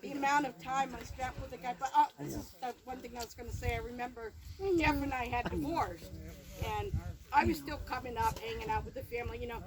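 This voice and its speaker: A middle-aged woman sharing memories at a family memorial gathering, telling stories in a halting, rambling way with many restarts. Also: a little high, fairly even intonation, a crowd in the background. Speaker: former daughter-in-law sharing memories. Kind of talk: informal memorial remembrance.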